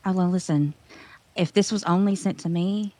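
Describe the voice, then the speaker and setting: A woman's voice: fairly low pitch, normal speed, mellow, no echo. A woman calling in, speaking hesitantly and with worry. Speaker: caller.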